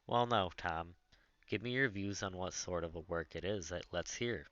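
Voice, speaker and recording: A man's voice: low voice, normal speed, a bit bright, no echo. A man voicing a wealthy, melancholy master who talks dryly and wryly, in an audiobook. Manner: dry and wry. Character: wealthy, moody male master, wry and melancholy. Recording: dull lo-fi dry recording.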